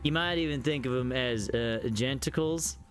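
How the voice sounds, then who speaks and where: A man voicing a creepy plant monster that speaks in a put-on Southern US drawl, slow and fumbling. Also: medium pitch, soft background music, pitched below the performer's own voice, lightly acted.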